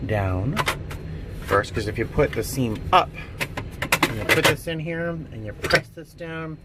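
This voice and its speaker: A man talking casually to the camera in a travel vlog, chatty and animated. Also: fairly high pitch, unhurried, heavy background noise. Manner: chatty and animated, softens to a gentle coo with animals. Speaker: vlogger. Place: outdoors on city streets, then airport and aircraft galley.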